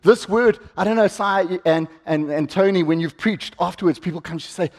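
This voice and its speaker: A man's voice: high-pitched, normal speed, darkish tone. A man preaching a sermon, talking with the congregation, asking them questions and acting out what people say. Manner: conversational, asks the congregation questions, acts out quotes. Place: church hall. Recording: reverberant church hall.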